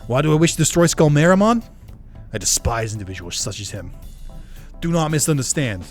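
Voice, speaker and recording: A man's voice: a little high, big pitch swings, a little fast, faint music behind. Beelzemon, a man doing a haughty Boston-accented demon lord. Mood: disdainful. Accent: put-on Boston. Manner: stiff formal dramatic reading with a few stumbles. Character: haughty proud male demon lord, scornful. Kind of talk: reading game dialogue aloud.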